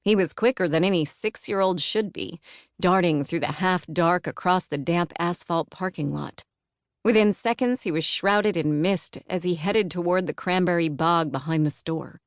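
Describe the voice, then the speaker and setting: A woman narrating a novel as an audiobook in an even, measured manner. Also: fairly low pitch, no room sound, clean studio sound. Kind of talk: scripted narration.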